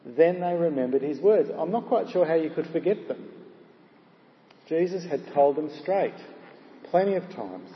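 A man's voice: a little high, expressive, moderate pace. A man preaching a sermon in a conversational, storytelling way, with frequent filler sounds. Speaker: pastor. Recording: echoey hall, dull lo-fi sound.

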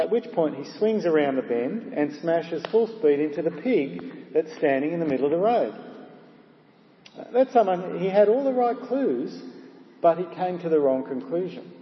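A man's voice: a little high, a little hiss or hum. A man preaching a sermon in a conversational, storytelling way, with frequent filler sounds. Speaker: pastor. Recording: echoey hall, dull lo-fi sound.

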